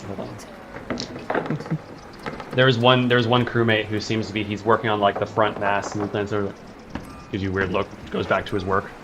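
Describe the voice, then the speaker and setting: A man with a lowish voice runs the tabletop game, describing each scene in a loose, halting way. Faint noise sits under his voice. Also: flat delivery. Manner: loose, halting narration with restarts. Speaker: game master.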